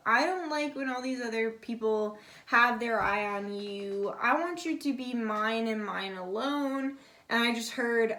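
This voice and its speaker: A woman's voice: on the high side, fairly bright tone. A young woman giving a casual tarot reading, relaying messages in a chatty, confiding way and swearing now and then. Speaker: tarot reader.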